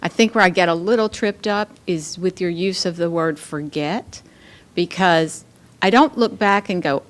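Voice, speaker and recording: A middle-aged woman in the audience answering the speaker in a thoughtful, measured way. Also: fairly low pitch. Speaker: audience member. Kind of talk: conversation with the speaker.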